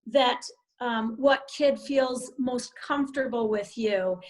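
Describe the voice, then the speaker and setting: A woman's voice: on the high side, low-quality recording. A middle-aged woman who coaches tennis, speaking thoughtfully as an interview guest. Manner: thoughtful, unhurried. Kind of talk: interview guest, casual talk.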